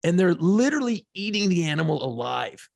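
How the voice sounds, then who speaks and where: A man co-hosting a podcast, telling a profane, excitable story in casual chat. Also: high-pitched, fairly quick, no echo, studio quality. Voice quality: gravelly, husky voice. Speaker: podcast co-host.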